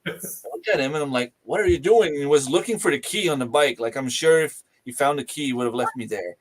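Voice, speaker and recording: A man tells a story on a live chat show. His delivery is animated and full of quick restarts, at an ordinary middle pitch. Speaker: panel speaker.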